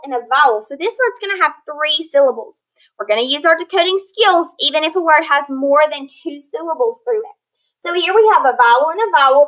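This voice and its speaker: A woman teacher leading a phonics lesson, sounding out words slowly and clearly, patient and encouraging. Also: high-pitched, a bit bright, poor audio. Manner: slow, clear modeling of words.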